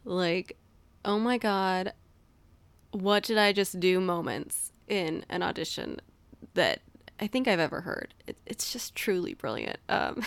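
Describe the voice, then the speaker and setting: A woman hosting a podcast in a relaxed, casual way, quick to laugh and react. Her voice has a gravelly edge. The recording is dry and close. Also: medium pitch, dry recording. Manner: laughs often, reacts with short interjections. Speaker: podcast host. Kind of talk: casual chat.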